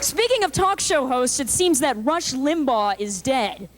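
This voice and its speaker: A woman's voice: high voice, sing-song, a little slow, a loud crowd, heavy background noise. A woman doing a punchy stand-up comedy set on a live club stage, jumping into character voices.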